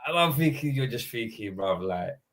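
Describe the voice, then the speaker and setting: Slangy man in animated football chat. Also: mid-range voice, normal speed. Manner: animated, slangy, acts out his own reactions. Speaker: podcast panelist.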